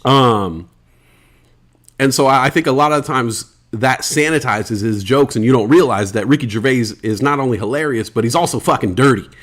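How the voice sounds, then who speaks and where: An American man of ordinary pitch hosts a casual solo podcast, loosely rambling between topics. He swears freely and reads listener comments aloud in an easygoing, conversational way. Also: normal speed, fairly bright tone. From United States. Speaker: podcast host.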